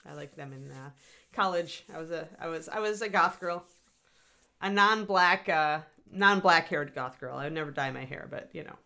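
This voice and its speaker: A woman's voice: low-pitched, moderate pace, gravelly, pushed and bright. A middle-aged woman hosting a casual livestream, chatting in a rambling way and answering viewers while painting miniatures.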